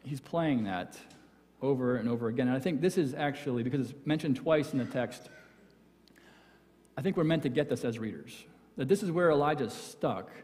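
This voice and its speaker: A man preaching a conversational sermon as pastor, acting out quoted voices and dropping very soft for emphasis. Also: medium pitch. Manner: conversational, acts out quoted voices, drops to near whisper for emphasis. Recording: church hall with long reverb.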